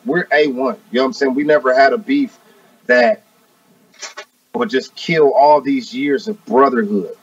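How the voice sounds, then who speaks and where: A man in his forties, a rapper being interviewed, talking in a relaxed, casual way and often adding "you know what I mean.". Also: medium pitch, unhurried, gravelly, no room sound, distant mic. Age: 40s. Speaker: rapper guest. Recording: dry, muffled audio from off-mic.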